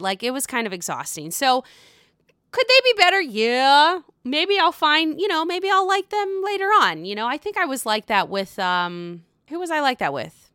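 Woman gossiping about her reality show, kinda high, dry close sound, swears a lot. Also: normal speed, clean tone, dry recording. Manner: gossipy, profane, animated with sudden high squeals. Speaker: reality TV recap vlogger. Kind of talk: casual recap chat.

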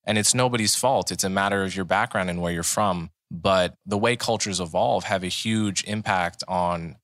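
A man with a low voice and a bright, forceful edge talks through his reasoning in an earnest, explanatory way. He is hosting a conversational podcast interview and often restarts phrases mid-thought. The sound is dry and close. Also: normal speed, dry recording. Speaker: podcast host.

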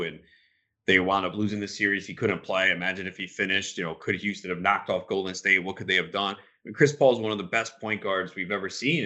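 A man hosting a sports betting podcast, talking in an opinionated, rambling way that gets animated when he's riled up. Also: deep voice. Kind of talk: casual podcast talk.

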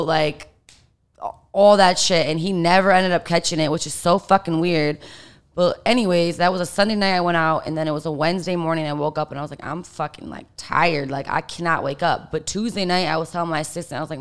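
A woman's voice: on the low side, steady tone, fast, smooth. A young adult woman, an interview guest, telling a story in a candid, profane way that is packed with "like". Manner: candid, profane, heavy use of filler "like". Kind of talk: casual storytelling.

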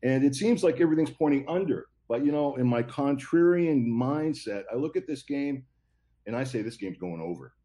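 A man's voice: medium pitch, expressive, moderate pace, dark tone. A man giving sports betting picks as a guest, rambling and confident, often repeating himself. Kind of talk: casual podcast chat.

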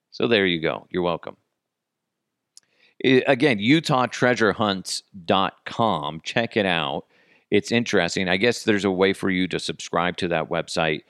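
A man's voice: low voice, a little slow, a bit bright, dry recording, studio quality. A man hosting a podcast, talking casually and rambling offhand, with frequent restarts. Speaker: podcast host. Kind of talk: casual solo commentary.

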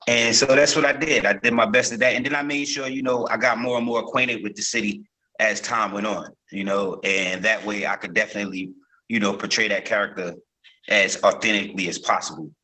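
Bright-voiced actor telling stories. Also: male voice, on the low side, brisk, poor audio. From Newark, New Jersey. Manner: relaxed storytelling with many fillers and restarts. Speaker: actor, podcast guest. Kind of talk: casual interview talk.

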